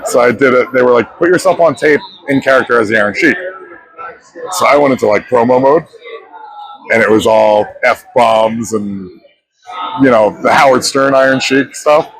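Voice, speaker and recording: Lively man telling stories in an interview. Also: mid-range voice, normal speed, rough recording. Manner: lively, acts out quoted dialogue. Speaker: actor guest. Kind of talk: animated storytelling interview. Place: pop culture convention.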